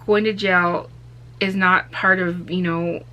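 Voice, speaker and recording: A young woman vlogger from Arizona telling a story in a casual, animated way, acting out what people said. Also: on the low side, takes it slowly, dull audio. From Arizona, USA. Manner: animated, acts out quotes with raised voice.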